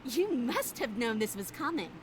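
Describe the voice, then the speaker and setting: A menacing, scornful young princess from a game, speaking in a cold, contemptuous way. Her voice sits fairly high, with a faint hiss of noise behind it. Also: big pitch swings, normal speed.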